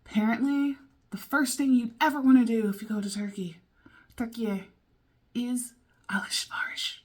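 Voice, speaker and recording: A woman's voice: on the high side, moderate pace, darkish tone. A woman vlogging her language study, thinking aloud, repeating foreign phrases and drifting into chatty asides with little laughs. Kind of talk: casual study vlog.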